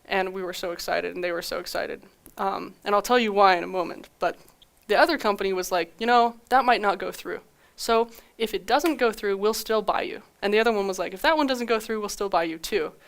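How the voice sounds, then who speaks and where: This young woman's mid-range voice is a little fast, shows vocal fry, and barely pauses. At a conference talk she tells an animated story, acting out quotes and laughing frequently.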